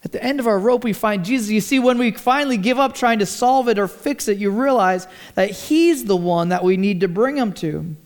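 A man's voice: sits high, a little fast, hardly any pauses. Chatty male pastor preaching. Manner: chatty, restarts words, asks the congregation questions. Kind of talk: conversational sermon.

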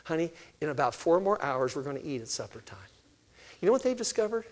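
An older man who speaks on family ministry delivers a sermon-style teaching talk about raising children, telling stories with lively energy. He talks fast, his voice pitched a little higher than most men's, and he shifts into different voices to act out each quoted exchange.

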